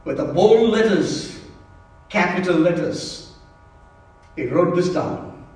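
Emphatic preacher in an echoey church. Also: male voice, sits high, expressive, takes it slowly. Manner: emphatic, repeats key phrases, drops to hushed tones. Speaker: pastor. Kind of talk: Good Friday sermon. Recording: roomy church sound from a distance.

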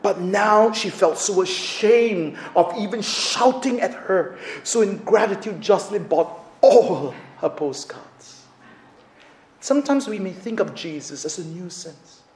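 A man preaching a sermon as a pastor, telling a story in an animated way with big swings from loud to hushed. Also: high voice, unhurried, roomy sound.

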